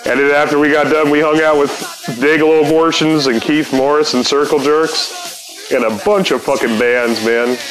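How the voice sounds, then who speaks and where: A man's voice: mid-range voice, rough recording. Profane, rambling man telling stories. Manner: profane, slangy, rambling, peppered with dude and man. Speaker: podcast host telling stories. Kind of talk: casual storytelling.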